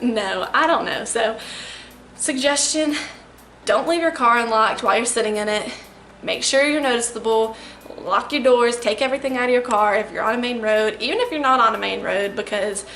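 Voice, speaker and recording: Young woman doing a storytime vlog, kinda high voice, says like a lot, echoey room. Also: a bit bright. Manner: chatty, filler-heavy retelling with lots of "like". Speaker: vlogger. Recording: echoey room with faint ambient noise.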